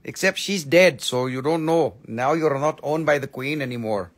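A man's voice: fairly high pitch, moderate pace. A man selling stones on a live shop stream, in joking patter with playful broken English. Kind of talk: live sales pitch.

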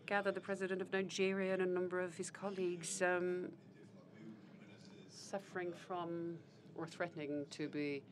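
A woman giving live spoken interpretation of a panel conversation, formal and measured, often pausing on fillers and correcting herself mid-phrase. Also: lowish voice, a little hiss or hum. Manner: halting, with fillers and self-corrections.

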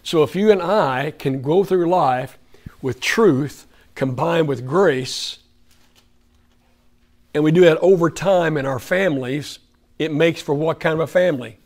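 A man's voice: on the high side, a little slow. A man with an Oklahoma accent preaching a folksy, conversational sermon in a church fellowship hall, putting questions to the room.

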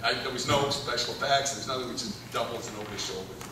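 A man's voice: medium pitch, fast talker, noisy background. Man, director at a live Q&A, rambling, laughing storyteller; distant, hall echo, crowd murmur. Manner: rambling, chuckling, animated storyteller. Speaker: film director telling stories on stage. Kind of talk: anecdotal Q&A storytelling. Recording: echoey hall, taped from far off in the audience. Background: audience laughter and room ambience.

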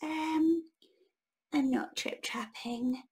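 A woman voicing a tiny, timid spider who speaks in a hushed, hesitant whisper, in a storybook reading. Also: high voice, extremely slow. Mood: timid whispery.

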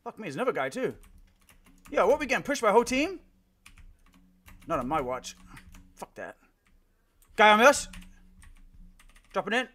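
Lively, bright-voiced gaming streamer guy. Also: high voice, normal speed, long pauses. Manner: profane, joking, trash-talking; laughs often. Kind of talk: live gameplay commentary.

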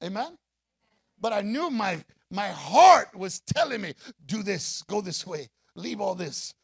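A man preaching a rousing call-and-response sermon as pastor, rising to shouts. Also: high voice, very animated, a little slow, vocal fry, breathy edge.

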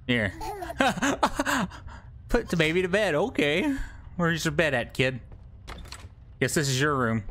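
A man's voice: fairly high pitch, fairly bright tone. A young man commentating a game, joking at an on-screen baby and yelping now and then. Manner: joking, talks to the baby, bursts into laughs and yelps. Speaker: gameplay commentator. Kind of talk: let's play commentary.

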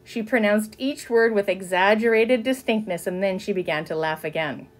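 A woman reading a children's chapter book aloud, with expressive narration. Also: medium pitch, normal speed. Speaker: reader. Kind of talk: storybook narration.

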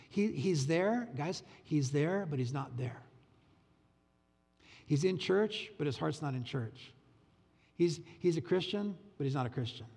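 A male pastor preaching a sermon in a folksy, animated way with casual asides. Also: a little high, creaky, husky, big-room sound.

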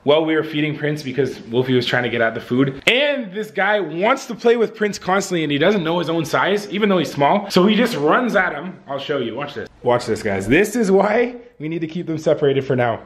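Hyped young man vlogging. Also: fairly high pitch. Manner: hyped, slangy, swears casually. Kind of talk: casual vlog chat.

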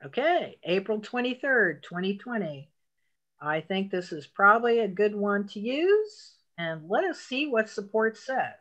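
Slow, bright-voiced woman teaching a tech class. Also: mid-range voice, very animated, dull audio. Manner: patient, step-by-step instructions, emphatic asides. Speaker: technology class instructor.

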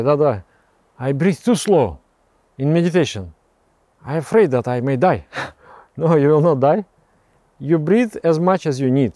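Halting, mellow-voiced male meditation teacher. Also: on the high side, dry recording. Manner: halting, repeats words and restarts phrases. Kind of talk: explaining meditation practice.

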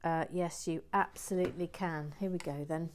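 A woman hosting a casual livestream, reading viewer comments in a playful, chatty way and dropping into quiet muttered asides. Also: deep voice, fairly even intonation, moderate pace, a little hiss or hum. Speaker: livestream host building a toy set.

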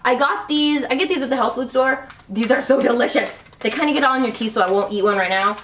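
Talking fast in a fairly high, fairly bright voice, a thirtysomething beauty vlogger chats casually about her favorite products, gushing and saying "like" and "love" constantly. She sits far from the mic in a roomy space, a little off-mic, and there's slight background noise.

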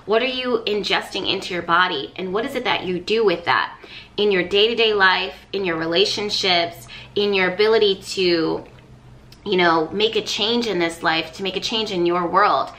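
A professional astrologer and tarot reader gives her viewers a casual spoken astrology reading, coaching them earnestly and repeating phrases for emphasis. Her medium-pitched, fairly bright voice moves at normal speed.

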